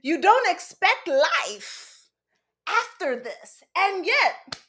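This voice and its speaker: A woman with a fairly high voice recounts a personal story. Her pitch swoops and jumps as she talks, and she speaks with candid, casual frankness, swearing now and then. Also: sing-song, very slow, a bit bright. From United States. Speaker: podcast host.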